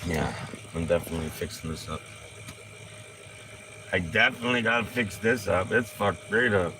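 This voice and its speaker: A man casually chatting on a live stream, slow and easygoing, sometimes cooing to his dog. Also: low-pitched, sharp tone, a little hiss or hum.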